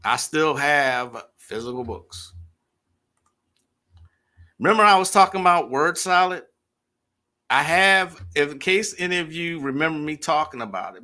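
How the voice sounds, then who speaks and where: A man's voice: a little high, pushed and bright. A man hosting a livestream, answering viewers in a casual, chatty way and talking to them directly. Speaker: livestream host.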